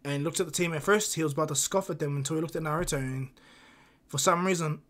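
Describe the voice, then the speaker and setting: A man's voice: a little high, fast, fairly bright tone. Rambling male fan-story teller. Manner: rambling, many restarts and fillers. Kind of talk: casual improvised fan-fiction narration.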